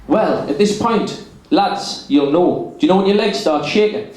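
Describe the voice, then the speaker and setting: A man's voice: high-pitched, normal speed, a little mellow. A young man doing crude, blunt stand-up storytelling on a club stage, acting out the dialogue. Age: young adult. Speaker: stand-up comedian. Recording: very echoey club room.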